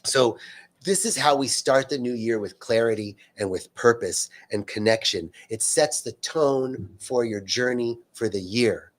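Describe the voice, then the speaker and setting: A man's voice: medium pitch, a little slow. An earnest man leads a live-streamed spiritual talk in a mid-range voice. He speaks off the cuff, restarting phrases and stacking repeated words for emphasis as he answers viewers. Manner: loose and unscripted, frequent fillers and restarts.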